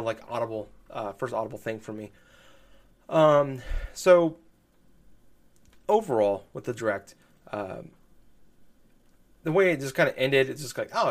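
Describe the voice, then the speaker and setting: A man chatting casually about video games on a podcast, rambling with lots of fillers and restarts. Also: medium pitch. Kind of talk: casual gaming podcast chat.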